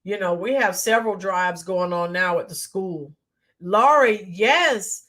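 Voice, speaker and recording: A woman hosting a casual livestream, greeting viewers by name and talking with frequent ums and pauses. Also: medium pitch, fairly bright tone. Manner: talks to viewers by name, halting with many ums. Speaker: livestream host reading chat.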